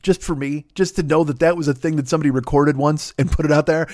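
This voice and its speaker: Sniffly guy ranting on his podcast, swears a lot, rambles, kinda high voice, dry close mic. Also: fairly even intonation, fast talker, few pauses, darkish tone, no room sound. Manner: rambling, swearing, breaks into impressions and scat singing. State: sniffly with a cold. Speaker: podcast host. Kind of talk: profane solo comedy rant.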